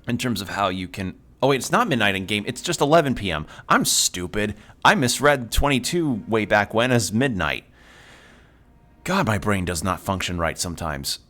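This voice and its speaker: A male streamer reading a game aloud and commenting in a self-deprecating, expressive way. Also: fairly low pitch, moderate pace, faint music behind. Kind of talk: let's-play commentary and reading game text.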